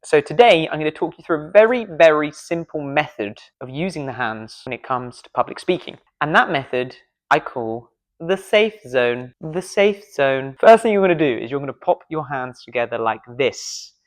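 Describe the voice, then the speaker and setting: A man's voice: a little high, animated, moderate pace. A man coaching public speaking in a casual video lesson, playful and self-deprecating, demonstrating gestures as he talks in a studio.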